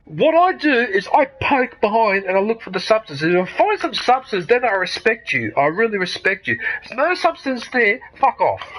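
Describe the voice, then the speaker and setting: A man's voice: sits high, very animated, moderate pace, hardly any pauses, fairly bright tone, rough recording. Ranting man in his fifties. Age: 50s. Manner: heated, profane ranting. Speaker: gaming streamer. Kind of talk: live gameplay commentary.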